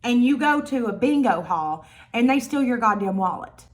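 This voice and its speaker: A woman telling a storytime vlog in a blunt, profane, animated way. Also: fairly high pitch, moderate pace. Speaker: vlogger.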